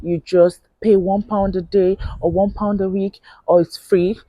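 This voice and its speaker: A woman's voice: medium pitch, level tone, a little slow, dry recording, lo-fi sound. A woman with a Nigerian accent giving casual advice in a chatty vlog, laughing often and repeating points for emphasis. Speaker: vlogger.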